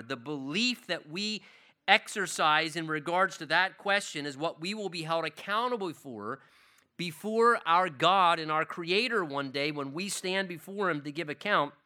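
Bright-voiced man preaching a sermon. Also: fairly high pitch. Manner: earnest preaching with emphatic, varied delivery. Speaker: pastor.

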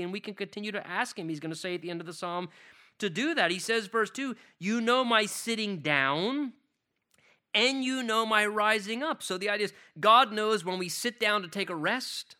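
A male pastor with a high, bright, forceful voice preaches through a scripture passage. He draws out the verses with slow, heavy stress, then turns conversational and puts rhetorical questions to his listeners. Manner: emphatic, reads scripture slowly with stress. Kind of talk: expository sermon.

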